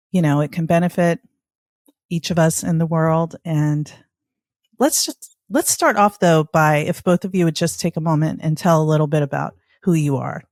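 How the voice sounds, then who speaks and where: A woman's voice: low voice, darkish tone, dry recording, studio quality. A woman hosting a podcast, opening the interview with upbeat, loosely strung questions. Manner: upbeat, rambling intro questions. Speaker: podcast host.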